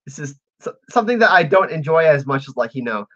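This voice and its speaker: A man's voice: fairly high pitch, big pitch swings, fast talker, sharp tone, dull audio. A man hosting a casual livestream, chatting with viewers and reading out their messages, laughing often. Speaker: livestream host.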